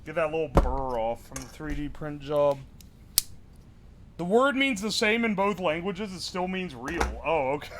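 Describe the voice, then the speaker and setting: A man's voice: a little high, big pitch swings, a little slow, slight background noise. A man streaming live, joking with his chat and thinking aloud while he builds something. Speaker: livestreamer. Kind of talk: casual livestream chat.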